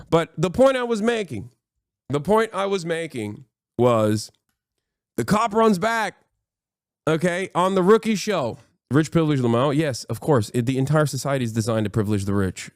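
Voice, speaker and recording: A male streamer recaps a TV episode for his chat in loose, profane, animated talk. He leans on fillers and restarts. His voice sits at a middle pitch with a dry, close sound. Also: moderate pace, dry recording. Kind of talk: casual reaction commentary.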